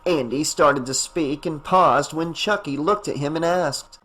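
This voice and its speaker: A man's voice: on the high side, a little slow, fairly bright tone. Man narrating an audiobook. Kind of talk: scripted narration.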